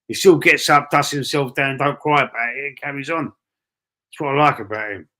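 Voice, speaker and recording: A Cockney man from the East End chats his way through a live stream, reading messages from viewers. He talks loosely and swears often, calling everyone bro and mate. His voice sits at an ordinary, middle pitch. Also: normal speed, sharp tone. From East London, England. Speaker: livestream host reading chat. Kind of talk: casual live-stream chat.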